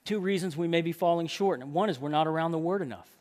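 A man's voice: a little high, fast, a little mellow. Emphatic man preaching a sermon. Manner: emphatic, rhetorical questions. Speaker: preacher to men.

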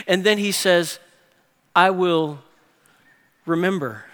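A man preaching a sermon, moving from hushed, slow phrases to quick, emphatic bursts. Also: sits high, smooth. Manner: animated preaching with big swings from hushed to emphatic. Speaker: pastor. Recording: long hall reverb.

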